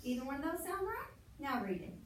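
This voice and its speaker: A woman's voice: high-pitched, sing-song, a little fast. A woman reading teacher leading a classroom lesson, patiently prompting her pupils with questions. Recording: roomy, distant, noisy classroom recording.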